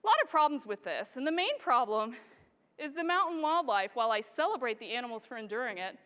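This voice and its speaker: A woman photographer giving an excited, bubbly talk on a conference stage to a live audience, laughing often. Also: fairly high pitch, fast talker. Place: large event stage before a live audience. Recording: long hall reverb.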